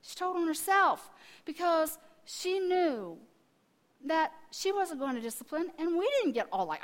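A woman in her fifties preaching a sermon, telling family stories and swinging between quiet asides and loud, emphatic testifying. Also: high-pitched, sing-song, moderate pace.

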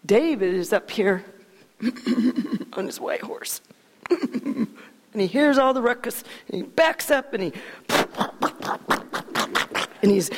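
A woman preacher retelling a story in animated sermon style, asking her listeners questions. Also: a little high, takes it slowly, long pauses, slight background noise. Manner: animated, acts out scenes, asks the audience questions. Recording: long reverb of a hall.

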